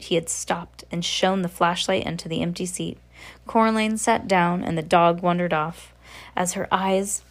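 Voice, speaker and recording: A woman reading a novel aloud in a steady voice, now and then slipping and correcting herself. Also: lowish voice. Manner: steady reading with occasional slips and self-corrections. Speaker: audiobook reader.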